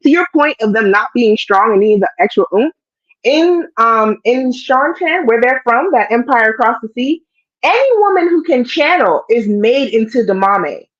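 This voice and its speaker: Woman co-host, lively recap chat, acts out scenes in voices, a little lo-fi. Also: a little high, normal speed. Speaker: show co-host.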